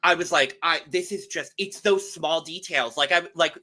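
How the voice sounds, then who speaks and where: Bright, forceful male podcast co-host. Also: a little high, moderate pace. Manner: enthusiastic, gushing chat with fillers. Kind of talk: casual podcast interview.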